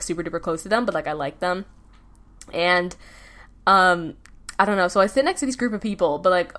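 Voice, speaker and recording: A woman's voice: fairly low pitch, a bit bright. Chatty teenage girl podcaster rambling. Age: teens. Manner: rambling, heavy "like" fillers, laughs often. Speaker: podcast host. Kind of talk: casual solo chat. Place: home, with a baby babbling nearby.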